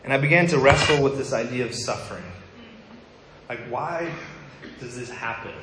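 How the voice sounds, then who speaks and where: A man's voice: medium pitch, moderate pace, noisy background. A male pastor giving a sermon, telling a personal story in a candid, conversational way with wry asides. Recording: echoey hall with long reverb.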